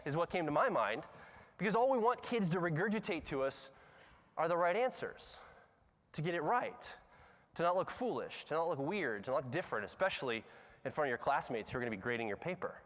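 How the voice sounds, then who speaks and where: A man speaking at a conference, telling a story with lively, self-mocking energy. His voice sits high and swoops widely in pitch. The sound rings through a large hall with a long reverb tail. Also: quick pace. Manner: animated, self-mocking storyteller who acts out scenes. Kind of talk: storytelling keynote talk.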